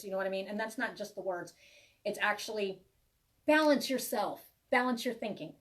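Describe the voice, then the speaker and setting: A woman's voice: medium pitch, moderate pace, fairly bright tone. Rambling woman tarot reader, slightly distant mic. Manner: chatty, rambling, reassuring, many restarts. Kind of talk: live tarot reading for viewers.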